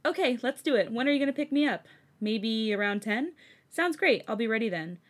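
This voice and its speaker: A woman reading the lines of a shy, fussy young man, pitching her voice up in a whiny way. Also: animated, fairly quick.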